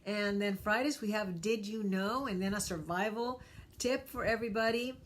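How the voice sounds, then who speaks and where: A woman's voice: mid-range voice, normal speed. A woman therapist hosting a casual live stream, greeting viewers by name with lots of fillers.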